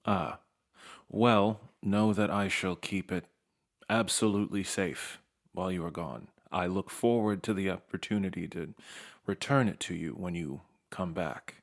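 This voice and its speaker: A man voicing a courteous, formal female lore master in a tabletop game, in a hushed and lowered voice. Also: measured pace, vocal fry. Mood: reassuring.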